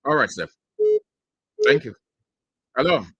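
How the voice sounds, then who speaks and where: Brisk radio host, bright voice. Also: male voice, mid-range voice, expressive, slightly rough, no room sound, muffled recording. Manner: brief, businesslike replies. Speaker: radio talk show host. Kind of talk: radio call-in hosting.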